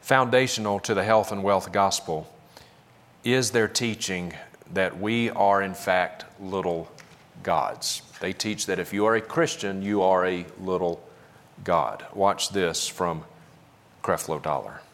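A man's voice: low-pitched, unhurried, fairly bright tone. A man preaching a sermon, commenting on clips with sarcastic, critical emphasis. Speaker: pastor.

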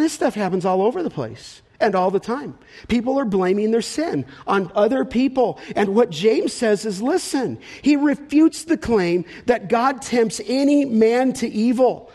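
A man teaching scripture as a pastor, emphatic and repetitive for stress, pausing to ask the audience to fill in words. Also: sits high, darkish tone. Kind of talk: expository Bible teaching.

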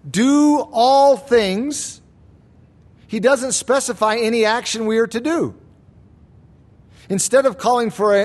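Male pastor, sermon delivery, high-pitched and measured, leans into emphasis with slow phrasing.

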